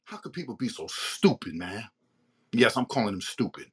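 Man, podcast host, angry rhetorical rant, bright voice. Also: medium pitch, huge pitch swings, normal speed, breathy edge. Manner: heated, profane, rhetorical questions. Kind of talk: ranting monologue.

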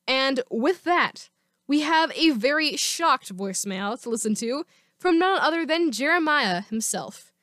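A woman's voice: high-pitched, lively intonation, measured pace, fairly bright tone, dry recording, clean studio sound. A woman hosting a podcast, chatty and enthusiastic as she reads out listener voicemails and answers them. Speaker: podcast host. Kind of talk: casual solo podcast talk.

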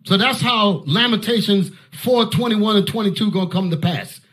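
At a moderate pace, a high-voiced male preacher teaches the Bible fiercely, pushing hard and breaking into sudden shouts. He fires off short commands between his points.

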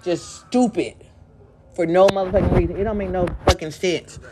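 A woman's voice: fairly low pitch, fairly even intonation, moderate pace, noisy background. A woman hosting a podcast, delivering an angry, profane, confrontational monologue and mocking others in quoted voices. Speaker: podcast host.

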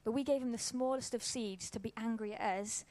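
A woman's voice: a little high, a little fast, warm tone. A woman, giving an informal church talk and telling a personal story in a casual, conversational way. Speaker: church speaker.

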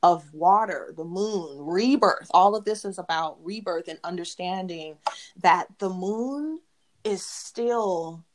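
A woman in her forties, a guest sharing personal spiritual reflections in an earnest, reflective way, often pausing and restarting mid-phrase. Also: lowish voice. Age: 40s. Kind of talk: heartfelt personal sharing on a podcast.

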